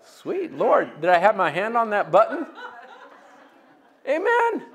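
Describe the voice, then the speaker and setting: A man preaching a sermon as pastor, energetic and joking, breaking into loud shouts. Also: high voice, slow pace, very noisy.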